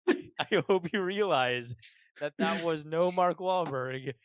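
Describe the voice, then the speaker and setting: A man's voice: on the high side, slow, clean tone. A young man co-hosting a casual podcast who laughs a lot, teases his friend and steers the talk back to the news. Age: 20s. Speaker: podcast co-host. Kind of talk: casual chat.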